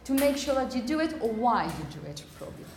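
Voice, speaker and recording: A woman's voice: on the high side, sing-song, fast talker, darkish tone. A Spanish-speaking woman teaching a phonetics class, explaining step by step and checking in with the students often. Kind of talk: classroom lecture. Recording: roomy classroom, faint background noise.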